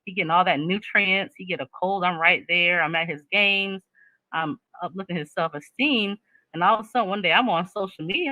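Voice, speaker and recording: A woman hosting a casual chat, talking in an animated, joking way. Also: on the low side, brisk, no echo, poor audio. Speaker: host.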